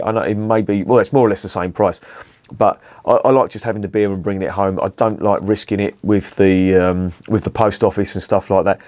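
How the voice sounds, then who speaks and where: A man's voice: on the low side, a little mellow, dry recording. A middle-aged man with a London accent, chatting casually and bluntly on a beer review vlog, rambling and swearing at home.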